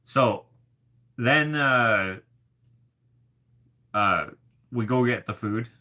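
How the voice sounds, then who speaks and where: Rambling man with a bright, forceful voice. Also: mid-range voice, drawn-out words. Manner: rambling, self-deprecating, laughs often. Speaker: artist vlogger. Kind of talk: casual rambling vlog chat.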